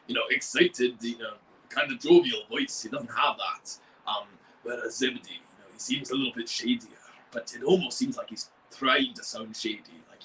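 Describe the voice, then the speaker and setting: A man's voice: medium pitch, pushed and bright, distant mic, slight background noise, poor audio. Rambling young man, off-mic. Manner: rambling, many fillers and restarts. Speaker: model-building video host. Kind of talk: casual chat.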